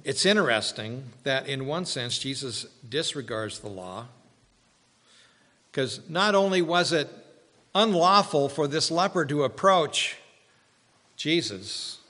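A man preaching a sermon as a pastor, slow and deliberate, with dramatic pauses and rising emphasis. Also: fairly high pitch, big pitch swings, sharp tone. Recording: long hall reverb.

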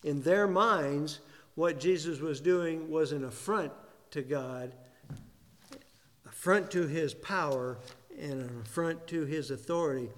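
A man's voice: fairly high pitch, slow pace. Preaching man in a reverberant hall. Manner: asks the congregation questions and answers them himself; stresses single words. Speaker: pastor. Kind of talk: sermon. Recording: long reverb of a large hall.

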